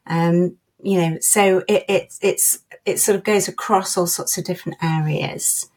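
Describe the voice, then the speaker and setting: A woman's voice: on the low side, steady tone, unhurried, darkish tone, slightly rough. A woman from northern England, a psychologist guest on a podcast, explaining things thoughtfully with fillers. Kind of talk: podcast interview.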